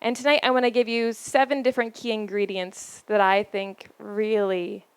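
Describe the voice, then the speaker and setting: A woman giving a storytelling talk to a live audience about relationships, playful and laughing often, with dramatic pauses. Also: mid-range voice, flat delivery, clear, resonant tone, dry recording.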